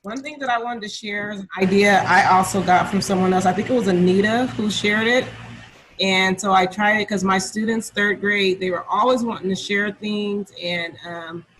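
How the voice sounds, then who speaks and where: A man's voice: sits high, normal speed, fairly bright tone, slight background noise, low-quality recording. A male third grade teacher on a video call, eagerly sharing a classroom idea with anecdotes.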